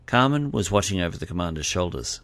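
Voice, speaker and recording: A man reading scripted audiobook narration in a steady, expressive way. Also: low voice, fast talker, no room sound.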